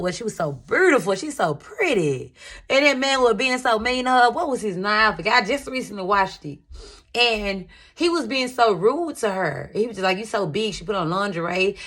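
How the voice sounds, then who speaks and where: A woman's voice: mid-range voice, fairly bright tone. A woman giving a casual tarot reading, talking candidly to her viewers with slang and swearing. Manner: chatty, rambling, addresses viewers as y'all. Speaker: tarot reader.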